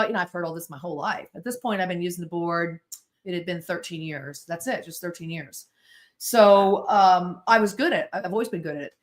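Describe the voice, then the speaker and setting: A middle-aged woman from the United States, a podcast guest telling stories in an animated, self-interrupting way. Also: lowish voice. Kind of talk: casual storytelling interview.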